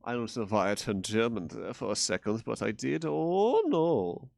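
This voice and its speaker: A man's voice: fairly low pitch, animated, moderate pace, gravelly, a little mellow, no echo, studio quality. A man streaming a video game, casually joking and swearing as he plays. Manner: joking, profane, with bursts of laughter. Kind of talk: casual let's-play commentary.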